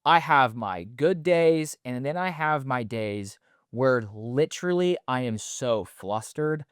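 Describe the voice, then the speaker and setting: A man's voice: mid-range voice, animated, slow, smooth, no room sound. Podcast host, man in his thirties, stutters, rambles candidly, dry close sound, mid-range voice. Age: 30s. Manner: rambling, filler-heavy, loose and candid. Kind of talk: casual podcast monologue.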